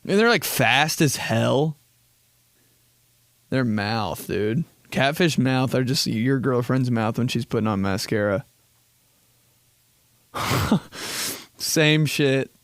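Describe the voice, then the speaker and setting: A man's voice: medium pitch, animated, slow, pauses often, a bit bright, no echo. A young man hosting a podcast, telling rambling, profane comedic stories and slipping into put-on voices. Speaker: podcast host.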